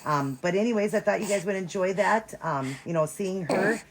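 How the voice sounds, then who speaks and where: A woman's voice: mid-range voice, normal speed, a little hiss or hum, rough recording. A woman chatting to her viewers as she grooms and dresses a doll, gushing and chatty. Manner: gushing, chatty, talks to viewers while working. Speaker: reborn doll vlogger. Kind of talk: casual show-and-tell narration.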